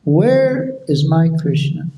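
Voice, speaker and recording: A man voicing a grieving mother pleading for her son, his own high voice slowed in an echoey room. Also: big pitch swings, warm tone. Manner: pleading, tearful storytelling voice.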